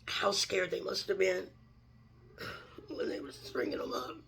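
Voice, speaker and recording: A man with a high, heavily gravelly voice delivers an emotional religious message. He often drops into breathy whispers through tears, then hardens into intense condemnation. His tone stays bright and edgy throughout. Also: a little slow. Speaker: religious speaker.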